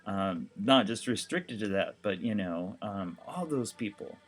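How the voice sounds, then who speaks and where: A man's voice: on the low side, animated, measured pace, a little hiss or hum. A seriously ill man talking casually to the camera, rambling and heartfelt with lots of fillers. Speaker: documentary vlogger.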